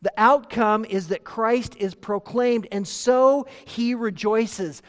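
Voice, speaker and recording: A male pastor delivering a verse-by-verse sermon, his voice ringing with a long hall reverb. He presses words hard, then drops almost to a murmur. He reads his scripture quotes slowly and deliberately. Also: high voice. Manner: emphatic, swings from loud to hushed; slows down to read scripture aloud. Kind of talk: expository sermon.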